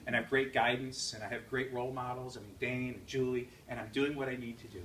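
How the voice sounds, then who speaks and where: A man speaking as a guest at an event, telling a story with lively emphasis, quick laughs and repeated phrases. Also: mid-range voice. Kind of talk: motivational talk to an audience. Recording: distant mic with faint room noise.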